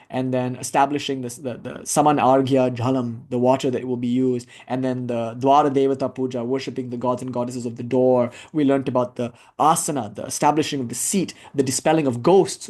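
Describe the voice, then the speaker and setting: A man's voice: medium pitch, darkish tone. A man teaching a class on ritual worship, explaining texts in an earnest, casual manner with frequent fillers. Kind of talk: spiritual class lecture.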